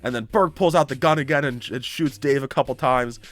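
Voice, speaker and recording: A YouTuber casually recapping a story, animated and acting out the characters' lines. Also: male voice, medium pitch, a little fast.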